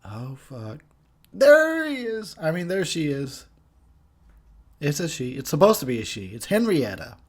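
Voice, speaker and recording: A man's voice: mid-range voice, very animated, moderate pace, husky. A tipsy man doing a drunken movie commentary, profane and rambling, cracking himself up. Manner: profane, rambling, laughing a lot. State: tipsy from drinking. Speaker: commentary host.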